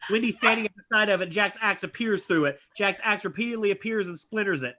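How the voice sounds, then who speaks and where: A man reading stage directions aloud at a live script reading, animated and tossing in asides. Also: sits high, fast, heavy background noise. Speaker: script reader.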